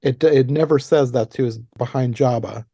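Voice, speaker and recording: Mellow-voiced man chatting on a podcast. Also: mid-range voice, normal speed, husky, no echo, clean studio sound. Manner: animated, laughs often, retells plot details. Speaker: podcast host. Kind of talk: casual movie podcast chat.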